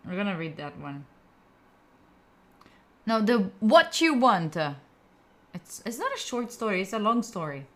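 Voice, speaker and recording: With a sing-song, mid-range voice, she talks slowly and leaves long pauses. The speaker is a young Italian woman hosting a study stream, casually reading comments between work sessions and chatting back to viewers in a giggly, playful manner.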